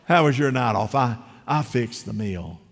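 A man voicing a self-satisfied middle-aged husband in a drawling low voice, told as a story in a sermon. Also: expressive, measured pace, gravelly, in a large hall. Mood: smug.

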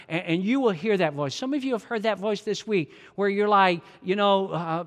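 A male pastor delivers an earnest, conversational sermon, asking his listeners question after question. His voice sits fairly high for a man. The sound carries a long reverb from a large church sanctuary. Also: fairly quick, few pauses.

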